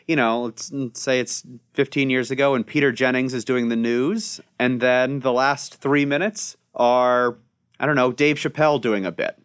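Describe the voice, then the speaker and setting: A man hosting a casual podcast discussion, relaxed and chatty as he leads the talk. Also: mid-range voice, normal speed, smooth. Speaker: podcast host.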